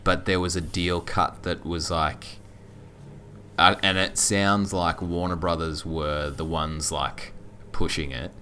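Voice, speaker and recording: Deep-voiced male podcast co-host, keen trivia explainer, faint hiss. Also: steady tone, takes it slowly, pushed and bright. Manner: enthusiastic, explains film trivia. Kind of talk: casual film discussion.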